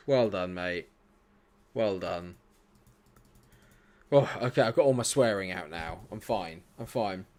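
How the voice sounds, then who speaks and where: A man's voice: sits low, slow, pauses often. Sweary young man streaming a game. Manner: sweary, swings from mutters to shouts; talks back to the game and chat. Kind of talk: live gaming commentary.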